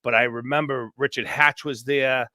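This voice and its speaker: A man telling stories on a podcast as a guest, animated and rambling, acting out quotes. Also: mid-range voice, normal speed, no echo, studio quality. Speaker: podcast guest, former contestant. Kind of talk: casual storytelling chat.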